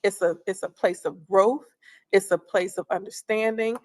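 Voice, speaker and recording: A middle-aged woman giving a parenting workshop in a calm, conversational way, often repeating phrases. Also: mid-range voice, normal speed. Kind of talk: instructional talk.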